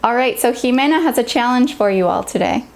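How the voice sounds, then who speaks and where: A woman lactation consultant giving clear, step-by-step safety instructions in an instructional health video. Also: a little high, lively intonation, brisk.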